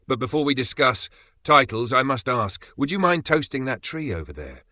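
A man voicing a weary, sardonic older knight who speaks in a dry, measured way. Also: medium pitch, big pitch swings, bright, forceful tone, no room sound, pitched above the performer's own voice. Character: weary, sardonic veteran male knight, unflappable.

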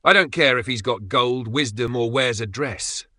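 A dry, sarcastic veteran knight of a storybook , voiced by a male narrator, speaking in a measured, unflappable way. His tone is bright and forceful, and the sound is close and dry. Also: mid-range voice, dry recording, pitched above the performer's own voice, natural voice. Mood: sardonic.

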